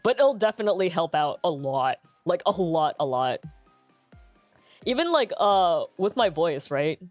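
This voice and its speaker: A woman's voice: a little slow, no room sound, faint music behind. Woman streamer with grounded full voice. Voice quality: full, grounded low-set speaking voice. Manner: relaxed and candid, many fillers, laughs often. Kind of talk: casual chat stream.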